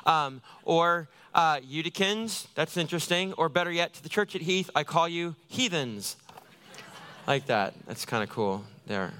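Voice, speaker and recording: Bright-voiced man preaching casually. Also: on the high side, animated, normal speed, few pauses, clean tone. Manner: conversational, jokey, acts out little scenes. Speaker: youth pastor. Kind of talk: sermon.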